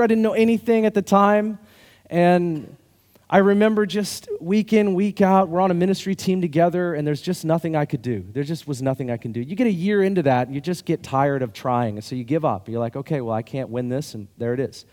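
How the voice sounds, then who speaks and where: A man's voice: fairly high pitch, a little fast, darkish tone. Man preaching in a reverberant hall. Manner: conversational, self-deprecating preaching with laughs. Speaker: pastor. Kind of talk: sermon.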